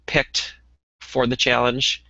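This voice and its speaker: A man co-hosting a casual hobby podcast, talking in a relaxed way with lots of ums and uhs. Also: medium pitch, takes it slowly, gravelly, no room sound, dull audio. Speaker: podcast co-host.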